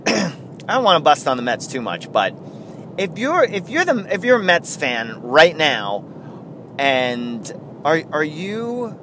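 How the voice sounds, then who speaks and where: A man's voice: fairly high pitch, wildly swooping pitch, slow, sharp tone, slight background noise. A man hosting a podcast, talking casually in a rambling way that often breaks off and restarts. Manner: rambling, self-interrupting, chuckling. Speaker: podcast host. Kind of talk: casual solo chat.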